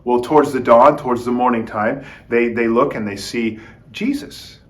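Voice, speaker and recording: A man teaching a children's Bible lesson as a lively story, talking straight to the kids and acting out the quotes. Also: mid-range voice, normal speed. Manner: lively, addresses kids as "guys", acts out quotes.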